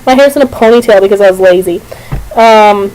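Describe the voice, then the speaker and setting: A woman's voice: medium pitch, fairly quick, darkish tone, low-quality recording. A young woman vlogging at home, chatting and rambling to her camera, giggly and talkative. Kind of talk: casual rambling chat to camera. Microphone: camera on a computer.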